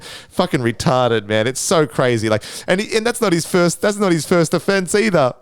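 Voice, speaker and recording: A man's voice: fairly high pitch, animated, moderate pace, smooth, no room sound. An Australian man hosting a casual solo podcast, rambling and crude, swearing constantly and restarting his sentences. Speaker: podcast host.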